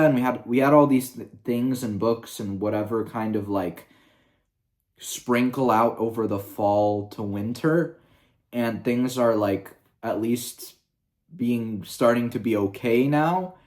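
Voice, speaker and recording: A man's voice: mid-range voice, a little mellow. A man talking in a casual review vlog, rambling and swearing freely, with lots of "like" and "you know" fillers. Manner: rambling and profane, heavy with fillers. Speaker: video reviewer.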